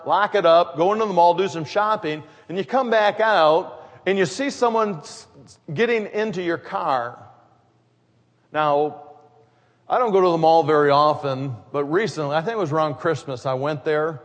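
A man preaches in a slightly high-pitched voice, and a long reverb trails each phrase through the church. He keeps the sermon conversational and drifts into joking asides before finding his thread again. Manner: conversational, wandering into humorous asides. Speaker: pastor.

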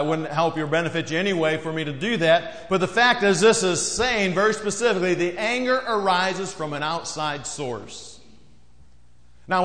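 A man preaching a sermon as pastor, talking to the congregation in a conversational way and often dropping low and quiet to stress a point. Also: reverberant, in a large hall. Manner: conversational preaching, acts out quoted voices, drops low and quiet for emphasis. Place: church sanctuary.

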